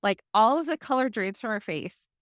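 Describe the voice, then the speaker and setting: Animated woman telling a story, dry sound. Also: on the high side, moderate pace, dry recording. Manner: lively, vivid retelling with many fillers like "like". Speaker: podcast guest. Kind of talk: personal storytelling.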